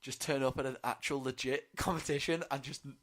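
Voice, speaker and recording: A man co-hosting a climbing podcast, chatting in a relaxed, slangy way. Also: medium pitch, a little fast. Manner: laid-back, chatty, slangy. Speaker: podcast co-host. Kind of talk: casual podcast chat.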